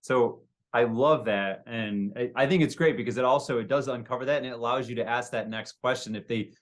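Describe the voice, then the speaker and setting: A man hosts a casual interview and jumps in with quick, enthusiastic reactions. He talks at a brisk clip, with a pitch in the middle range for a man. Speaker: interview host. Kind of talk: conversational interview.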